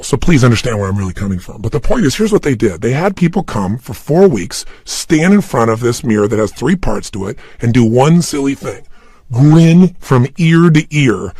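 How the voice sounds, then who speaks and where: Husky, emphatic motivational speaker man. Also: mid-range voice, dry recording, clean studio sound. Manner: emphatic, energetic, addresses listener directly. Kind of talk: motivational talk for an audio program. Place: recording room, unscripted and standing. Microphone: studio microphone.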